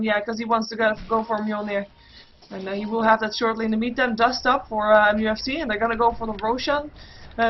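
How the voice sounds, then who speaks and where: A woman casting an online game match solo, calling the action play by play and getting louder in the fights. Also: on the high side, slight background noise. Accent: Dutch. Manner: rapid play-by-play, excited bursts in fights, many fillers. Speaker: esports caster. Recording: muffled lo-fi stream audio.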